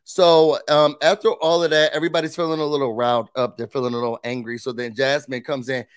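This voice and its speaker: A man's voice: mid-range voice, level tone, fast, clean tone. A man hosting a casual reality TV recap, talking in an emphatic, opinionated way with blunt asides.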